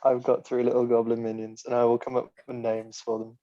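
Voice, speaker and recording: A man's voice: medium pitch, completely flat delivery, brisk, warm tone, lo-fi sound. A man playing a tabletop game, joking and laughing through casual banter. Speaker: player.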